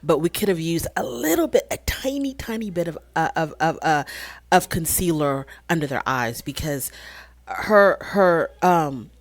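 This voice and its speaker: A chatty woman with a slightly low voice recaps a reality show in a relaxed, conversational way, slipping into quick impressions of the people she quotes. Her voice is close and dry, with no room sound around it. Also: dry recording. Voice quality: frequent fillers and restarts, rhetorical questions. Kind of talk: casual commentary recap.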